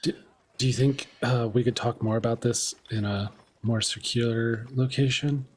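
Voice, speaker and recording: A man playing a tabletop game, speaking in a relaxed, halting, friendly way. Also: medium pitch. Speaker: player. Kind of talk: in-character play.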